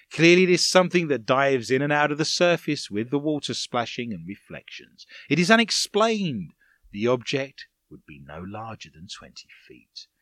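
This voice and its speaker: A man's voice: mid-range voice, a bit bright, no room sound, studio quality. A man hosting a comic radio show, reading odd news stories and joking with his co-host. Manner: jokey, puts on silly voices and scores points. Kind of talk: comic news-story quiz chat.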